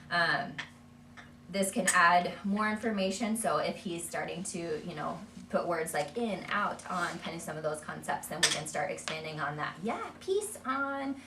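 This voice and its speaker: Woman, speech therapist, conversational with fillers, lowish voice, echoey room, far from the mic, background noise. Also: sharp tone. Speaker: early childhood speech therapist. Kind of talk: explaining strategies to parents.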